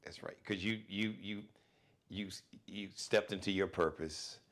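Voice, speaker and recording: A man's voice: deep voice, fairly even intonation, unhurried, a bit bright. A man hosting a live show, encouraging and affirming his guest. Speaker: host.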